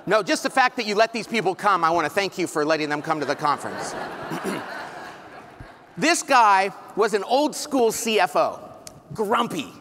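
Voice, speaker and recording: Animated man speaking in a reverberant hall. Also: high-pitched, slight background noise. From California. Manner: animated storytelling, acts out quoted voices. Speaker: keynote speaker. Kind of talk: live conference keynote. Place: large conference hall with live audience.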